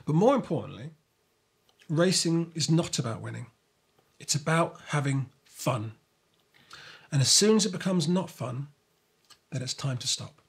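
A man voicing a gentle, wise father in a storybook reading, speaking softly and reassuringly. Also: fairly high pitch, expressive, measured pace, vocal fry, pauses often, breathy edge, full character voice. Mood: kind.

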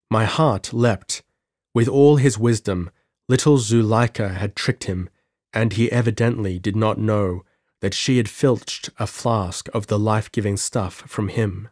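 A man narrating an audiobook in a measured, dramatic storytelling manner. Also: fairly low pitch, a little mellow, dry recording, studio quality.

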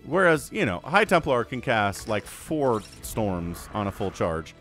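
A man's voice: on the low side, big pitch swings, a little slow, a bit bright, faint music behind. A man casting a strategy video game on his own, chatty and full of joking asides. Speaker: game shoutcaster. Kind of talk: casual solo game commentary.

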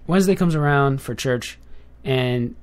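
A man's voice: mid-range voice, a little slow, smooth. A young man with an ordinary mid-range voice hosts a loose online radio chat. He rambles, breaks off and corrects himself as he goes. He speaks to his listeners directly and informally. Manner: rambling, with frequent self-corrections and filler. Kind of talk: casual off-the-cuff talk show. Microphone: headphones with a desk mic.

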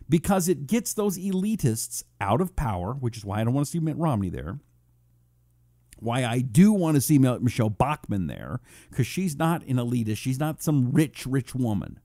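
A man's voice: warm tone, no echo, clean studio sound. A man hosting a political talk radio show, reading listener messages and answering critics with sarcasm. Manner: combative, sarcastic, mocks critics in high put-on voices.

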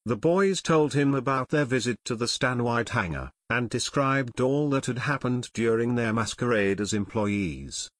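A man narrating an audiobook in a steady, even storytelling manner. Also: mid-range voice, moderate pace, few pauses, no room sound, clean studio sound. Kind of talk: scripted narration.

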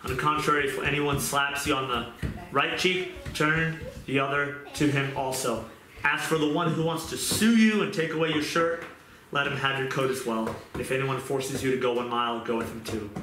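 A man preaching a fervent sermon, moving from pleading prayer to quieter scripture reading. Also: mid-range voice, steady tone, normal speed. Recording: echoey room with noise.

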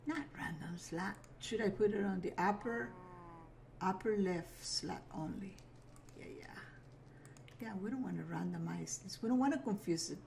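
A woman with a medium-pitched, slightly mellow voice and some vocal fry talks at a normal speed over faint background noise. She's a gaming video creator doing casual let's play commentary, narrating to herself as she plays and apologizing with little giggles.

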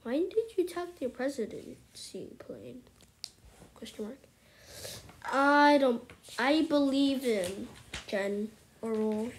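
A woman giving excitable commentary on her gameplay, exclaiming and at times whispering to her viewers. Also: high voice, slow, long pauses, a little hiss or hum. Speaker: gameplay streamer.

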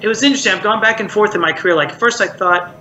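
A man's voice: sits high, racing, bright, forceful tone. A middle-aged puppeteer from Maryland, chatting reflectively in an interview and filling his talk with "like" and "you know". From Maryland, United States. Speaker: puppeteer and voice actor, guest. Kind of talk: casual interview chat. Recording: roomy echo, faint hiss.

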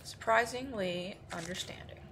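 A woman's voice: medium pitch, moderate pace, background noise. A woman streaming a horror game live, reading notes aloud and reacting with sudden exclamations.

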